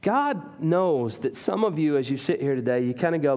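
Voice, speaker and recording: A man's voice: fairly high pitch, animated, moderate pace, darkish tone. A man preaching a sermon as a pastor, talking to his congregation in an earnest, conversational way with self-deprecating humor. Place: church sanctuary. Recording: reverberant hall.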